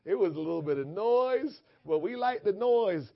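This pastor's high-pitched, creaky voice carries lively intonation at a moderate pace as he preaches casually in church and then prays with mounting fervor, ending in shouts. The audio is dull.

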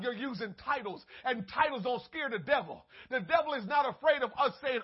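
Impassioned high-voiced male preacher. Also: expressive, a little fast, hardly any pauses, breathy edge, dull audio. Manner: impassioned, swings between shouting and low quiet asides. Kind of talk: sermon.

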